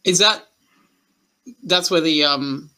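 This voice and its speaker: A man playing a tabletop role-playing game, speaking partly in character to other characters, slow and musing. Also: a little high, sharp tone, low-quality recording. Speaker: player.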